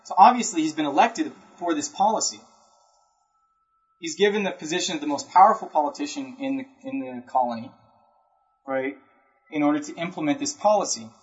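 A man's voice: a little high, brisk, pauses often. A man giving an informal history lecture, talking conversationally, often checking in with the listener and acting out historical speakers in brief asides. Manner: conversational, keeps checking in with "right?". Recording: dull lo-fi recording.

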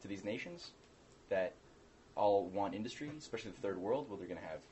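Rambling low-voiced man in chat. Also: lively intonation, a little fast, darkish tone, slight background noise. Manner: rambling, hesitant, with many restarts. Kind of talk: casual political chat.

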